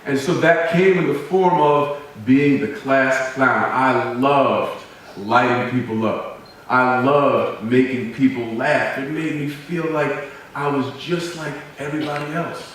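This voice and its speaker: A man giving a motivational speech, telling personal stories with humor and dramatic pauses. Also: mid-range voice, steady tone, a bit bright. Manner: humorous, self-deprecating storytelling with dramatic pauses. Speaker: motivational speaker. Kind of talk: personal storytelling speech to an audience. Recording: very echoey hall, voice from a distance.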